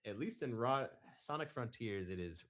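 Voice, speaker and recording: A man's voice: mid-range voice, lively intonation, fairly bright tone. A man appearing as a guest on a live show, chatting in a laid-back way about the voices he can do. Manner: unhurried, laid-back, muses aloud. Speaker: guest voice impressionist. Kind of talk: casual chat.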